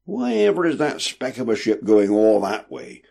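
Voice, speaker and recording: A man's voice: on the low side, sing-song, normal speed, gravelly, darkish tone, exaggerated voice. A man voicing a doubtful, stubborn old male sailor who talks in a rustic, emphatic way, raising his voice above his usual tone. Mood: doubtful, grumbling. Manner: rustic old dockside talk, raised and emphatic.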